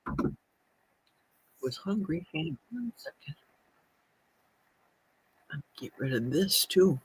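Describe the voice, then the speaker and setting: A woman's voice: low voice, animated, slow pace, long pauses, husky, dry recording. A woman chatting casually on a live stream, eating as she talks and reading viewer comments aloud in her kitchen. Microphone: streaming mic.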